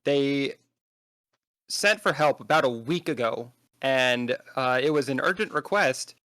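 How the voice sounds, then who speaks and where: A man's voice: medium pitch, animated, a little slow, pushed and bright, no room sound. A man playing his character in a tabletop game, pressing a superior with insistent, confrontational questions. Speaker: player. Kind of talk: in-character tabletop role-play.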